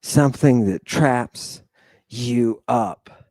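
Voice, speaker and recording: A male host whose voice sits on the high side lectures a little slowly on scripture in a dry recording. His style is impassioned and preacherly, full of sighs and sarcasm, and he keeps calling listeners "people" while asking "right?"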